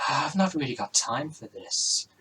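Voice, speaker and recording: Blunt young woman, fed up and deadpan, played by a man; bright, forward tone. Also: mid-range voice, measured pace, slight background noise, low-quality recording. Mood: weary. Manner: dry, exasperated put-downs.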